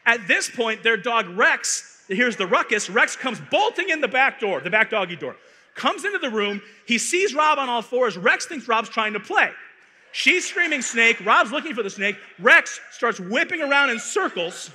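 A man from Arizona, a conference speaker, telling a funny story in a playful, animated way, on a stage microphone in a large hall. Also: very high voice, normal speed, slightly rough. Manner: animated, playful, building comic tension. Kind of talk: comic storytelling talk. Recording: echoey hall reverb.

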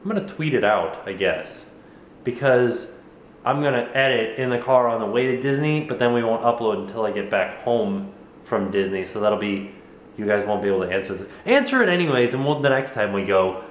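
A man's voice: mid-range voice, animated, brisk, slight background noise. A young American man vlogging at home in a goofy, rambling, jokey way. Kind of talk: casual vlog chat to camera. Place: home living room. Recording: echoey room.

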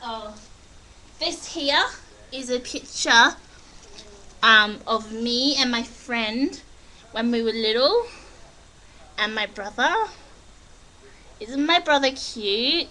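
A young woman from Australia rambles through a casual webcam vlog in a put-on American accent. Her voice is fairly high and bright, and she talks slowly, with giggles. It's recorded on a built-in webcam mic in her living room. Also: poor audio.

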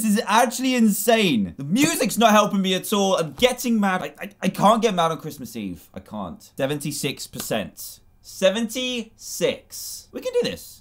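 An excitable man narrates his gameplay, his voice swinging widely up and down as he exclaims and laughs. Faint game music plays quietly behind him. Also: high-pitched. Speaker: gaming YouTuber. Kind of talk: let's-play gaming commentary.

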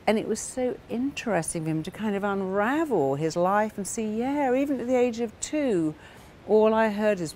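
A middle-aged woman therapist giving a motivational talk, telling client stories in a lively way and acting out the voices of the people in them. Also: medium pitch, normal speed, a little hiss or hum. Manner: animated storytelling that acts out quoted voices.

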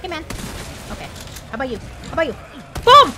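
A woman's voice: sits high, huge pitch swings, fairly quick, background noise. A woman streaming a horror game, chatting casually, panicky and jokey, bursting into shrieks and laughter. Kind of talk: casual gameplay commentary.

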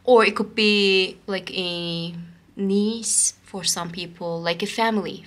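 A woman giving a casual, excitable coffee cup reading to her viewers, talking loosely with many fillers and keeps checking in with "okay?". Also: medium pitch, slow. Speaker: coffee cup and tarot reader.

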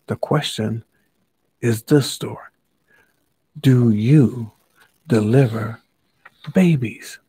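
A man's voice: medium pitch, very slow, long pauses, mellow, breathy edge, no room sound, exaggerated voice. A man voicing a firm, questioning male elephant in a children's storybook, pressing each word. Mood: pointed. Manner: pointed, stresses each word.

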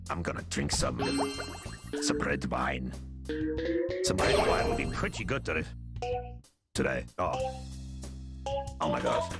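A smug French spy from a shooter game, as a streamer puts him on through a pitch-lowering voice changer that makes him very deep. He boasts in a crude, lowered drawl with a lively, swooping delivery, over loud music. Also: full character voice. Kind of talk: gaming livestream.

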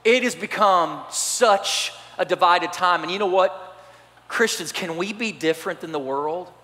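A man preaching a sermon as pastor, animated and swinging between loud and soft delivery. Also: high voice, a little slow. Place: church sanctuary. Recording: church hall reverb.

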